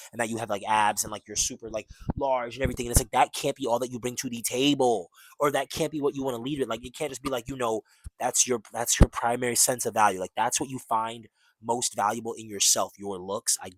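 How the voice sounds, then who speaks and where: A man's voice: medium pitch, dry recording. A man in his twenties talking casually to camera, rambling and tacking "and whatnot" onto his points. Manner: rambling, peppers talk with "and whatnot". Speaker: vlogger.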